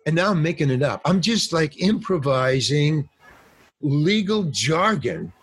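A man's voice: fairly high pitch, a little slow, husky. An older man, a guest actor, telling a casual anecdote and acting out other people's lines, with some swearing and slang. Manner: animated storyteller, acts out other people's lines.

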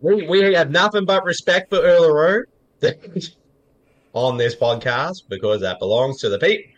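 Aussie bloke co-host, joky and playful, fairly high voice that bounces around. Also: male voice, lively intonation, measured pace, muffled recording. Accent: Australian. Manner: joking, playful, laughs often. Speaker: podcast co-host. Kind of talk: casual podcast chat.

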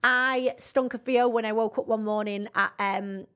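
A woman's voice: on the high side, steady tone, normal speed, fairly bright tone. A woman co-hosting a podcast in casual chat, brash and laughing, swearing freely. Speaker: podcast co-host.

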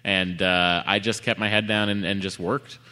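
A man's voice: on the low side, little pitch movement, moderate pace, bright, forceful tone, clear, resonant tone. A man hosting a live podcast, answering audience questions in a jokey, rambling way. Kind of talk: live podcast Q&A, joking banter. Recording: reverberant live venue.

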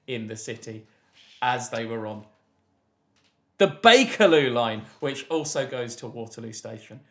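A man's voice: medium pitch, expressive, unhurried, bright, forceful tone. A man co-hosting a podcast as quiz master, teasing his co-host and laughing often through casual comedic banter.

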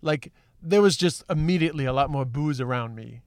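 A man's voice: a little high, fairly quick, darkish tone, clear, resonant tone, no room sound, studio quality. A man who grew up partly in Ireland, hosting a casual chat, swearing freely and thinking aloud.

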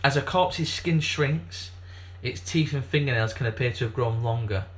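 With a medium-pitched voice at a normal speed, this podcast co-host rambles casually through facts on a comedy show. His speech is loaded with fillers and profanity.

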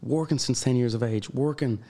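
A young man with an Irish accent, a guest telling stories in an animated way and laughing often. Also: mid-range voice, a little fast. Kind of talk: casual chat.

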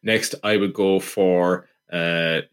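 A man with a lowish voice co-hosts a casual film chat. He gives dry opinions and trips over his words as he goes. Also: steady tone, takes it slowly, clear, resonant tone. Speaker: podcast co-host.

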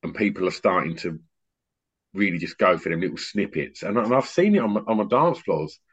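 A middle-aged man hosting a podcast on a video call, a rambling, animated storyteller who often restarts his sentences. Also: deep voice, a little fast, breathy edge. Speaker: podcast host and DJ. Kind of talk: casual chat on an online call. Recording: muffled lo-fi online call audio.

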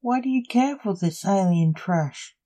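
A reader puts on a hateful male conspiracy nut in a spoken story. He speaks slowly, in a very dark, mellow tone. The delivery stays close to an everyday reading voice. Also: medium pitch, animated, close to an everyday voice. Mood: snarling.

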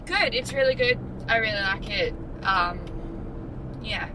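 A woman passenger chatting in a car, soft-spoken and giving short answers. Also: a little high, a little slow. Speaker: rideshare passenger. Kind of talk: casual chat. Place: inside a car. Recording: car and street noise.

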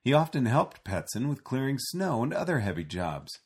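A man reading a children's storybook aloud in a slow, gentle way. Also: mid-range voice, big pitch swings, slightly rough. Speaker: narrator.

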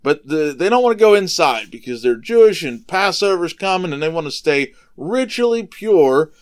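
A man hosting a podcast, casually retelling a Bible story for children, relaxed and conversational, explaining things simply. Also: a little high, normal speed, smooth. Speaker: podcast host retelling Bible stories for kids.

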